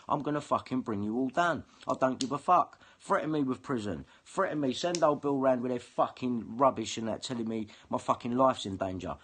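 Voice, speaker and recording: A man's voice: mid-range voice, a bit bright, a little hiss or hum. A man ranting angrily and swearing in a monologue to camera. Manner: heated, sweary, confrontational. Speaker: vlogger.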